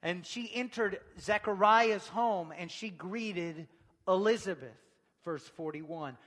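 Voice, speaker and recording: Guy preaching, high voice, goes from quiet to shouting, echoey church hall. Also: slow. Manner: dynamic, swings from hushed to shouting. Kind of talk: sermon.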